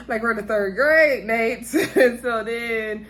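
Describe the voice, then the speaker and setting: A woman's voice: fairly high pitch, slow, a bit bright, a little hiss or hum. A woman giving a casual, chatty recap of a reality show episode, speaking straight to her viewers and laughing often.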